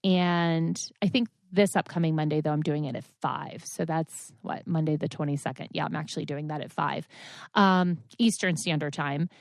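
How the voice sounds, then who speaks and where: A woman hosts her own podcast, chatting on her own in a loose, gossipy ramble. Her pitch sits a little low. She keeps correcting herself and leans on "like" and "um" as she goes. The recording is close and dry, with no room sound. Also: fairly even intonation, moderate pace, dry recording. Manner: rambling, chatty, self-correcting with many fillers. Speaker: podcast host. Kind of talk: casual solo chat.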